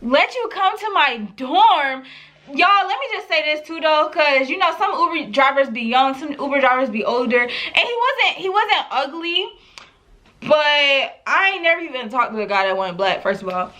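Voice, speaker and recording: Bright-voiced young woman telling a story. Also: high-pitched, normal speed. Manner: animated, laughing often, slangy. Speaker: vlogger. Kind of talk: storytime chat.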